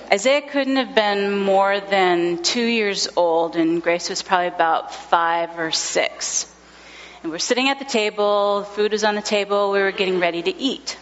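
A woman in her thirties, a pastor giving a sermon, telling a family story with gentle humor. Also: mid-range voice. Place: church sanctuary. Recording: lo-fi recording in a large reverberant church.

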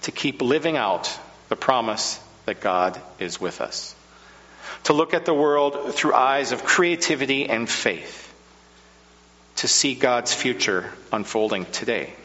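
Slow, bright-toned male preacher. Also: mid-range voice, animated, in a large hall, lo-fi sound. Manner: slow, measured preaching with dramatic pauses. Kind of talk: sermon.

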